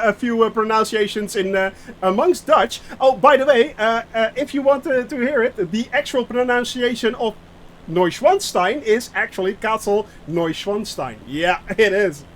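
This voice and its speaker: A man's voice: very high-pitched, unhurried, a bit bright, poor audio. A man live-streaming a flight simulator game, rambling to his chat with many fillers and restarts and mocking himself. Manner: rambling, self-mocking, answers chat aloud.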